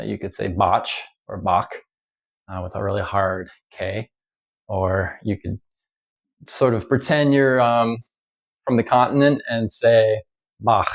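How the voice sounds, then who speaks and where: A man, a violinist, musing in a casual monologue, hesitant and full of pauses and fillers. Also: on the low side, creaky, low-quality recording. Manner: slow, hesitant, many ums and uhs. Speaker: violinist vlogger.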